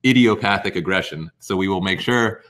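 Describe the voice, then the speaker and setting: A young man moderating a live online class, brisk and steering the talk toward the audience's questions. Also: low voice, fairly bright tone. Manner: brisk, nudges the talk along and reads the chat. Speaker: co-host and moderator.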